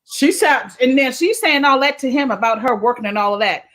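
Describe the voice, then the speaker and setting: Emphatic woman with a higher voice. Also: lively intonation, a little fast, a bit bright. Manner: emphatic, repeats words for stress. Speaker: co-host. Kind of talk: casual podcast chat.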